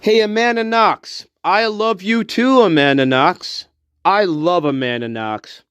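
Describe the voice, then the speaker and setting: A man's voice: high voice, sing-song, a little slow, a bit bright, clear, resonant tone, no echo. A man giving a profane, repetitive, accusatory rant as a true-crime commentator, recorded on a dull lo-fi track. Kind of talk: angry solo rant to camera.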